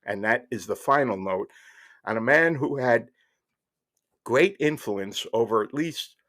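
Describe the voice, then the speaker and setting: A man's voice: medium pitch, lively intonation, unhurried, fairly bright tone. A man in his sixties telling a wry, rambling personal story as a podcast host, with fillers and restarts along the way. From New Jersey. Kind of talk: casual storytelling monologue.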